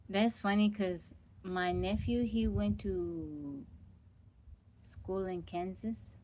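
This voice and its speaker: A woman's voice: medium pitch, fairly even intonation, slow pace, a little mellow. A middle-aged woman hosting a casual livestream, chatting to viewers by name while sounding tired and weak, on a phone mic at home. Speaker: livestream host.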